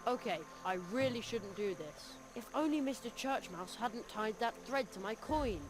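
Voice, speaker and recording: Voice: mid-range voice, animated, moderate pace, close to an everyday voice. A voice actor playing a curious, adventurous young boy in a video game, earnest with a wry edge. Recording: game audio under music.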